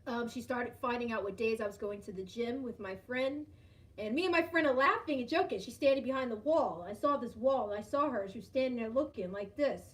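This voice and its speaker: High-voiced woman hosting a casual live chat. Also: fairly quick. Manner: animated, laughs often, greets chatters by name. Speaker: live stream host.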